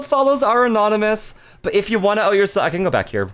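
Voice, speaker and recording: This streamer talks fast, full of lively energy, their middle-pitched voice swooping high and low. They're playful with viewers, giggling often and leaning into crude humor.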